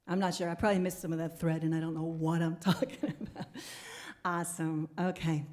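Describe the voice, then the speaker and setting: A woman's voice: low voice, level tone, darkish tone. A woman hosting a live online concert, chatting casually and laughing easily as she reads viewer comments. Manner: chatty, laughs easily, talks fast when rambling. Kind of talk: live-stream chat between songs, reading viewer comments.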